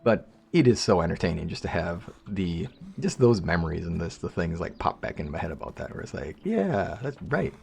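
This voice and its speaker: A man's voice: deep voice, brisk, creaky, hardly any pauses, darkish tone. A man casually commenting on his game, rambling and joking with viewers. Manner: rambling, jokey, talks to viewers. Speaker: let's play host.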